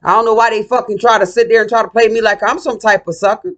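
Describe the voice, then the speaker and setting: A woman's voice: on the high side, steady tone, fast talker, fairly bright tone. A woman vlogger ranting in a casual monologue, blunt, profane and combative.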